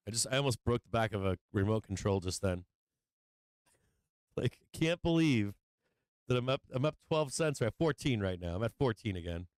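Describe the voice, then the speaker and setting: A man hosts a live trading stream, musing loosely about the market and swearing freely when a trade annoys him. His voice is smooth and clear, set at an average pitch. The sound is dry and close, with little room around it. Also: animated, moderate pace, no room sound, poor audio. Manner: profane, venting frustration, laughing at himself; rambling with fillers and restarts. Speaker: livestream stock trading host.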